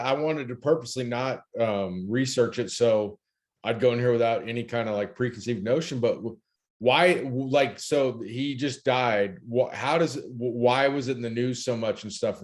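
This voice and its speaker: A man hosting an interview, asking curious questions with halting restarts. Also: mid-range voice. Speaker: interviewer host.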